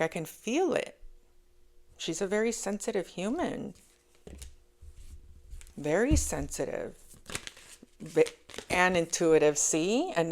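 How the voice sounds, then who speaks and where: A woman giving a casual spoken tarot reading, talking emphatically and repeating key phrases for weight. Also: lowish voice. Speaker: tarot reader.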